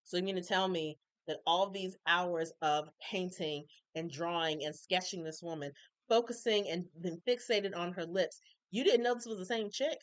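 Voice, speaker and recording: A woman recapping a TV episode in casual chat, opinionated and animated, acting out characters' lines with colloquial asides. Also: lowish voice, moderate pace, clear, resonant tone, dry recording. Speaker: recap reviewer.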